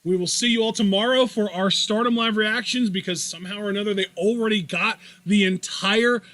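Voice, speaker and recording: A man co-hosting a casual Q&A show, joking and energetic, wrapping up the episode. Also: high-pitched, a little fast. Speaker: podcast co-host. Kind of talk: casual chat.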